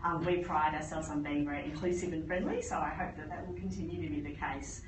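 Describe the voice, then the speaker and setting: A woman, a palliative care doctor, giving a lively conference talk and telling stories. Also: low voice, quick pace. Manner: lively anecdotal storytelling. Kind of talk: conference presentation. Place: conference hall. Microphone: phone recording from the audience. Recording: echoey hall from far off, noisy.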